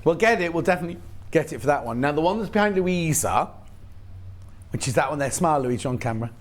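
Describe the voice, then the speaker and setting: A British man presents live TV sales chat on a shopping channel, eagerly listing products with quick asides, all while he has hiccups. His voice is a little high and animated.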